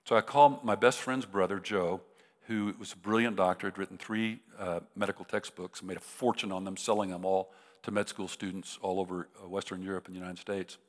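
A man of about seventy, a preacher telling a personal story, halting and restarting, rising into emotional peaks. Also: deep voice, fairly even intonation. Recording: long reverb of a large hall.

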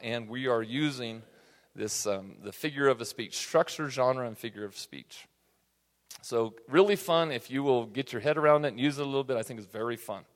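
A man of middle pitch teaches a Bible class, his voice ringing out with a long reverb tail. He talks in a conversational way and often checks in with a quick question to his listeners. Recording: reverberant hall.

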